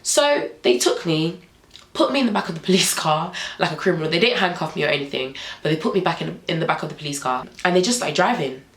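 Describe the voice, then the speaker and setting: A woman's voice: low-pitched, animated, quick pace, echoey room, poor audio. A young woman vlogger telling a story animatedly, acting out the dialogue.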